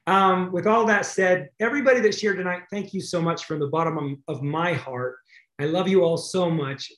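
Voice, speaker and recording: A man's voice: high-pitched, a bit bright, echoey room. A man hosting a video call, talking in a rambling, grateful way. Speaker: host. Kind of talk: casual video call chat.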